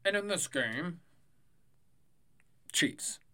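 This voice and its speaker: Young man, podcast host, slightly high voice, loose and profane, rambles through predictions. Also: animated, very slow, bright, forceful tone. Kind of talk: casual sports prediction podcast.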